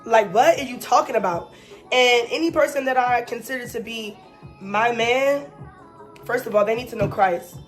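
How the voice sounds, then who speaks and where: A young woman chatting casually to her viewers, her voice sitting on the high side as she tells a story. She keeps checking in with quick asides and repeats herself when she's exasperated. Faint music plays behind her. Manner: animated storytelling, frequent "right?" asides; exasperated, emphatic repetition. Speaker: vlogger. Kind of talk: casual chat.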